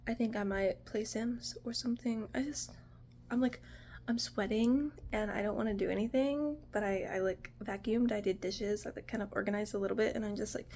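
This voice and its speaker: A woman's voice: mid-range voice, steady tone, brisk, darkish tone, a little hiss or hum. A woman in her twenties from the United States, rambling casually to the camera in a vlog at home, full of "like" and "you know". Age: 20s. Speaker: vlogger. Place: home apartment.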